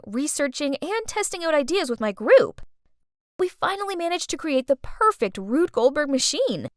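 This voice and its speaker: A woman narrating an animated story in the first person, expressive and dramatic. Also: sits high, no echo, clean studio sound.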